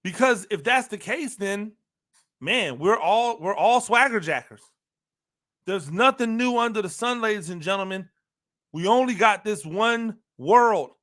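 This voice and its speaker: Male sports-talk host, high bright voice, emphatic, repeats lines for punch. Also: lively intonation, a little slow. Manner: talks to listeners directly, asks rhetorical questions. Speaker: football analyst host. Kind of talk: animated sports talk monologue.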